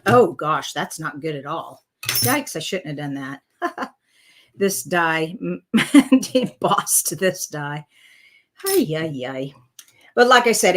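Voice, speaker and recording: A chatty woman talks through a live crafting demo, mid-pitched and easygoing. She narrates her own hands as she works, dropping fillers and little asides to viewers. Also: a bit bright. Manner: chatty, self-talking while working, frequent fillers. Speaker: craft demonstrator.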